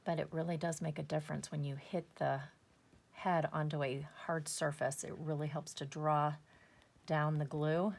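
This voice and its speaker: Her voice is low and creaky, with a flat delivery at a normal speed. Even so, she chats enthusiastically while hosting a casual craft tutorial, working step by step and talking to herself.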